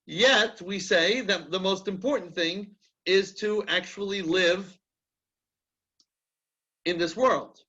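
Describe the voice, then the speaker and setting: A man's voice: sits high, slow pace, long pauses, sharp tone, muffled recording. A man leading a rabbinic class, telling a story in a chatty way and often restarting his sentences as he thinks aloud. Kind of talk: conversational teaching with anecdotes.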